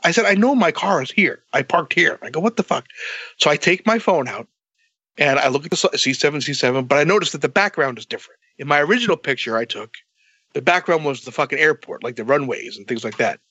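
A man telling a long story in a casual, animated way, swearing a lot and acting out both sides of the dialogue. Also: a little high, quick pace, slightly rough, dry recording, highs cut off.

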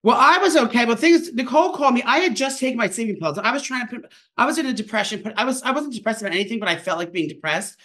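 Fast, bright-voiced chatty man. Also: extremely high pitch, lively intonation. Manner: rambling storyteller, fast and chatty. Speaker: podcast co-host. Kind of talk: casual chat. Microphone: home microphone.

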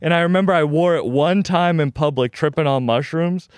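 A man's voice: on the high side, a little fast, smooth, dry recording. A man who is a guest comedian on a podcast, telling stories casually and laughing a lot.

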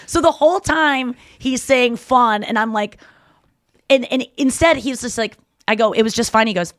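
A woman's voice: fairly high pitch, moderate pace, dry recording, studio quality. A woman hosting a podcast, telling comic stories in a casual chat and acting out the lines of people in them. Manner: animated storytelling, acting out quotes; frequent fillers and restarts. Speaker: podcast host and comedian.

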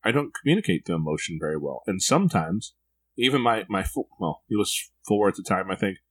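A man's voice: deep voice, lively intonation, brisk. A man in casual conversation, candidly telling reflective personal stories as a podcast co-host.

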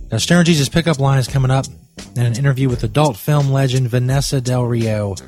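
A man hosting a comedy podcast, swearing a lot and ranting in exasperated outbursts. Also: mid-range voice. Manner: profane, exasperated, loud outbursts. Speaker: podcast host.

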